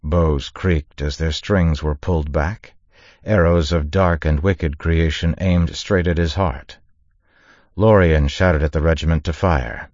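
A man with an extremely deep, low voice gives a measured, dramatic audiobook narration. The recording is dry and close, with a slightly dull, muffled top end. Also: fairly even intonation, no echo. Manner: measured dramatic reading, raises voice for shouted orders. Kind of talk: scripted narration.

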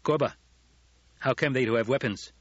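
Guy reading a bossy young duke, husky, kinda muffled lo-fi sound. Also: medium pitch, moderate pace, no echo, natural voice. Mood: stern. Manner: commanding, shouts orders. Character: young male duke, commanding and stern. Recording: dull lo-fi audiobook recording.

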